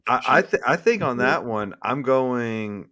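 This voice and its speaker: A man's voice: medium pitch, lively intonation, a little slow, a bit bright. A man co-hosting a sports betting podcast, talking eagerly with stammering restarts. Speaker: podcast co-host. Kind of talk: casual sports betting chat.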